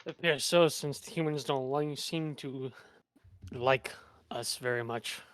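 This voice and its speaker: A man voicing a brass dragonborn pirate in an online tabletop game, speaking in an old-fashioned sailor's way with a deepened pirate voice. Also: a little slow, a bit bright, dry recording, lightly acted. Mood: wistful. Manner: old-fashioned sailor talk, calls others friend. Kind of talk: online tabletop role-play.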